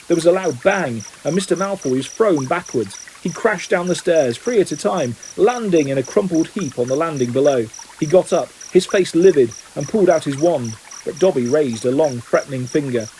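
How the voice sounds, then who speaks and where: A man reading a novel aloud in plain, steady narration. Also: on the high side, normal speed, hardly any pauses, slight background noise, rough recording. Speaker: audiobook reader.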